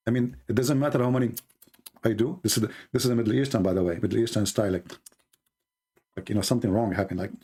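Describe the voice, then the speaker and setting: A man's voice: lowish voice, dark tone, husky. A man hosting a live online debate, speaking sarcastically and firing mocking rhetorical questions at his listeners. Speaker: debate host.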